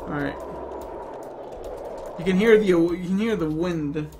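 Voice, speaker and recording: A man giving playful, excitable let's play commentary and often bursting into laughter. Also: high voice, unhurried, background noise. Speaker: gaming YouTuber.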